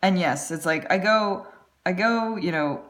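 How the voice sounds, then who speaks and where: A woman hosting a live drawing stream, chatting in a rambling way with quick asides. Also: lowish voice, fairly bright tone. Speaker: artist and live stream host. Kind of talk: casual chat while drawing. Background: faint music.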